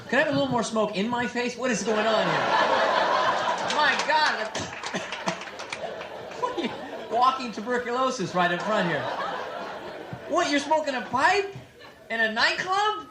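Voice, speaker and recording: Young man, stand-up comic, high voice, playful crowd teasing, echoey nightclub. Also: lively intonation, a little slow, pauses often. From San Francisco, USA. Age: 20s. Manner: teasing, playful banter with the audience. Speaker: stand-up comedian. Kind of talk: stand-up comedy with crowd work. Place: nightclub with live audience. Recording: echoey club, loud crowd and noise.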